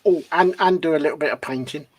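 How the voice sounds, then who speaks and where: A man's voice: on the high side, fast, noisy background. A man, chatting casually on a live hobby show, with dry quips and short agreeing replies. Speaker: co-host of a live model-building chat show. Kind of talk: casual chat.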